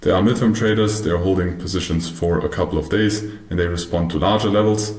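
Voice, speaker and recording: A man's voice: low-pitched, fast talker, darkish tone, echoey room. A man teaching a recorded trading course over slides, methodical and prone to restarting his words. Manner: methodical, restarts and corrects himself. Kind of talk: explaining slides in a recorded lesson.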